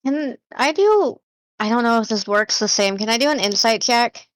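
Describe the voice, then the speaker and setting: Woman tabletop player, higher pitch, dry close sound, chatty. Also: expressive, moderate pace, no room sound. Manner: chatty, hesitant thinking aloud. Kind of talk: casual tabletop play.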